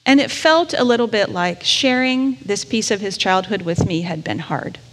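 A woman's voice: mid-range voice, normal speed, fairly bright tone. A woman preacher telling a story in a sermon, in a conversational, candid and self-deprecating way. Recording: long reverb of a large hall.

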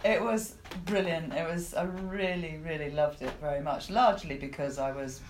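A woman comedian and storyteller being interviewed at a live podcast, husky and sniffly from hay fever, wry and self-mocking. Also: low-pitched, normal speed, background noise. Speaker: stand-up comedian and storyteller, guest. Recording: echoey venue room.

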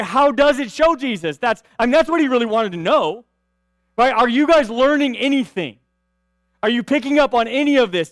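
High-voiced man preaching conversationally. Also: a bit bright, smooth, dry recording. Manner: conversational, frequent "right?" asides and restarts. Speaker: pastor. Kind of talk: sermon.

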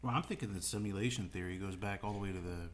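A man's voice: sits low, quick pace. A man co-hosting a casual podcast with dry joking asides. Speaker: podcast co-host. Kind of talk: casual chat.

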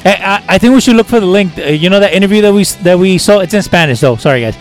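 An older man chats loosely on a podcast, his voice riding high and bouncing all over. He swears casually and drops Spanish words into his talk. Faint guitar music plays underneath. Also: racing. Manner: animated, loose and swearing, dropping Spanish phrases. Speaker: podcast co-host.

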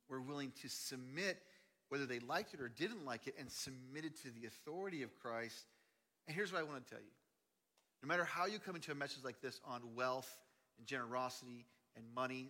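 A man preaching a sermon as a pastor, telling stories animatedly, swinging between loud and hushed delivery. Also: mid-range voice. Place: large church auditorium. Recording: long hall reverb.

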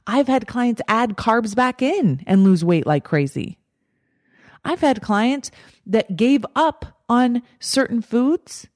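A woman's voice: fairly high pitch, a little mellow, no echo, studio quality. A woman hosting a life coaching podcast, talking directly and emphatically and repeating her key steps. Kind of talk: motivational podcast talk.

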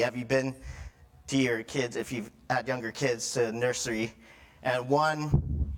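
A man's voice: a little high, fairly bright tone. A middle-aged male pastor giving a conversational sermon, acting out crying children and tantrums as he talks.

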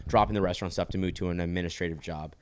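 Against a noisy background, a young podcast host rattles along very fast in a low, steady voice. He keeps the chat casual and rambling, cracking jokes and using plenty of fillers.

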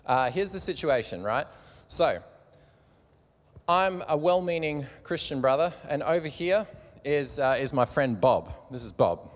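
A man's voice: a little high, animated, measured pace. A man gives a sermon to a live audience in a conversational, joking way, as if chatting with friends. He has a slight cough. His voice carries through a large hall with a long reverb. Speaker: preacher at a church gathering.

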